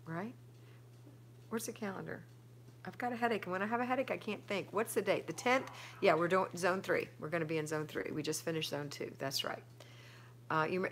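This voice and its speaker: A woman's voice: on the low side, slight background noise. A middle-aged woman, hosting a casual live stream at home and chatting as she reads viewer comments aloud and answers them. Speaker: livestream host reading viewer comments.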